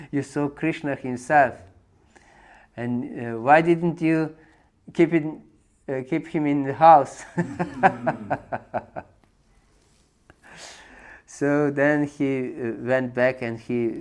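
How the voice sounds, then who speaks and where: Slow, halting male spiritual teacher. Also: medium pitch. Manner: unhurried, halting with many fillers, chuckles often. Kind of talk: storytelling scripture lecture.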